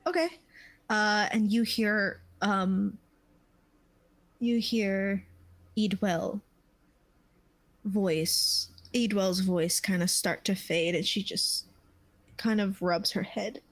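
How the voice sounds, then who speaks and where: A woman narrating a tabletop game as game master, unhurried and searching for words. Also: medium pitch, steady tone, no echo, rough recording. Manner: unhurried, with many fillers and restarts.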